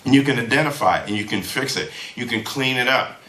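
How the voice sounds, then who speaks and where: Animated man teaching a masterclass. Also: medium pitch, fast. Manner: animated, sings rhythms aloud. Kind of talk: lecture to students. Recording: echoey room.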